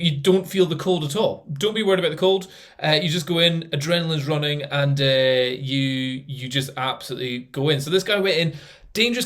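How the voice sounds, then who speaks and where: A man's voice: a little high, a bit bright. A man casually commenting on a video, chatty and laughing now and then, with lots of fillers. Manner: chatty, laughs at what he sees, trails off with fillers.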